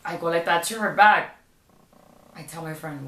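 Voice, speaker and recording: A young woman telling a storytime vlog in a chatty, animated way, full of likes and ums. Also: on the low side, moderate pace, roomy sound. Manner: chatty, animated retelling with many fillers. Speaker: vlogger.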